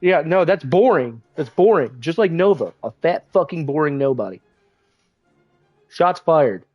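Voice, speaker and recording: A man with congested sinuses talks through a game on his livestream, excitable and teasing, quick to swear. His voice sits a little high, and it sounds close and dry, with faint music playing underneath. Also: no echo, lo-fi sound. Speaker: streamer. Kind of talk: casual gaming livestream commentary.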